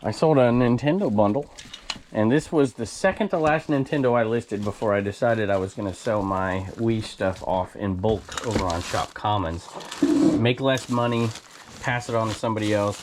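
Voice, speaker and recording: A man's voice: lowish voice, a little mellow, slight background noise. A man reselling secondhand goods, talking casually to camera in an opinionated, rambling way. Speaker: reseller vlogger.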